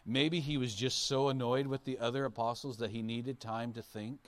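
A man's voice: mid-range voice, steady tone, moderate pace. A male pastor preaching an Easter sermon, earnest, his voice rising and falling for emphasis as he acts out quotes.

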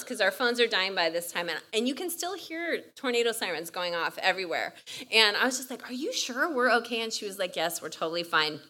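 A young woman from California giving a chatty, storytelling sermon at a women's retreat, full of "like" and quick asides. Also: a little high. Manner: chatty, animated, lots of "like". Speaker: retreat speaker.

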